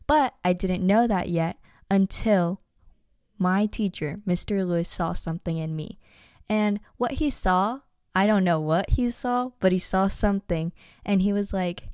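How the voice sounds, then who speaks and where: A woman's voice: mid-range voice, moderate pace, clean tone, no room sound, clean studio sound. A young adult woman hosting a motivational podcast, talking earnestly and encouragingly to her listeners. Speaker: podcast host.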